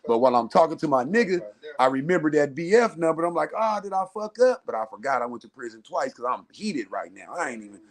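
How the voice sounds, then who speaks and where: A man from Southern California, a guest telling a story in a casual, profane, animated way and acting out other people's voices. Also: a little high, fast talker. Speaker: interview guest.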